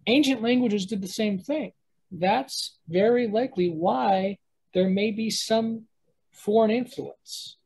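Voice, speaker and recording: Husky voice teaching in a casual ramble. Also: medium pitch, slow, darkish tone, rough recording. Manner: rambling, many fillers and restarts; explains by thinking aloud. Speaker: language teacher. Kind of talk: casual spoken lesson.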